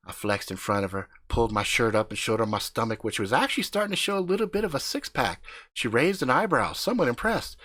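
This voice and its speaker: Bright, animated storytelling man. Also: medium pitch, fast. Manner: casual and profane. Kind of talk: improvised comic storytelling.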